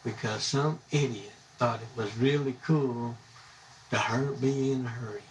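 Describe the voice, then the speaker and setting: A man's voice: medium pitch, steady tone, measured pace, recorded from a distance, low-quality recording. A man from the United States, ranting bluntly and indignantly on a live stream, rambling from one grievance to the next. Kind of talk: angry live-stream rant. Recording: voice a bit off-mic, faint background hum.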